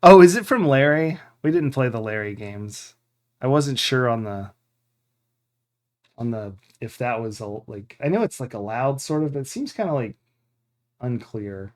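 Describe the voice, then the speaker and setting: A man's voice: mid-range voice, animated, measured pace, pauses often. A man streaming a game playthrough, thinking aloud and rambling with fillers as he reads the game text. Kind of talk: live game playthrough commentary.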